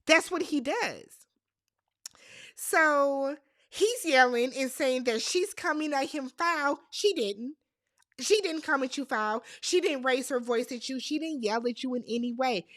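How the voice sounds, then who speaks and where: A woman hosting a casual reality TV recap, talking in an animated, sassy way with lots of emphatic repetition. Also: high voice, no room sound, clean studio sound.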